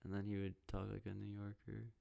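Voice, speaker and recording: Dude going off on tangents, cursing a lot, low gravelly voice. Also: male voice, completely flat delivery, fairly quick, warm tone. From Chicago South Side. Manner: profane, joking, wandering. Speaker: podcast host. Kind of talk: rambling casual monologue.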